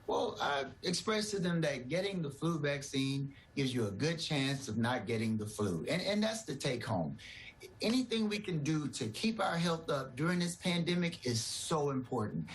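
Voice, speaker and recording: A man's voice: fairly high pitch, sing-song, moderate pace, rough recording. A man, a doctor, giving earnest, reassuring explanations in a TV news interview.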